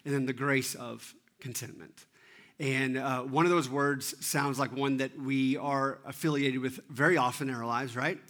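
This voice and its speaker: A man's voice: mid-range voice, a bit bright. A man preaching a sermon as teaching pastor, telling a story about his children with self-deprecating humor and acting out their lines.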